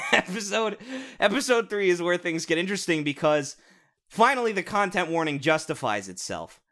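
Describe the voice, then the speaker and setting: Here a young podcast co-host reviews cartoons in a casual comedic rant, sarcastic and heavy on the swearing. His voice sits high and sounds a bit bright, very animated though moving at a moderate pace.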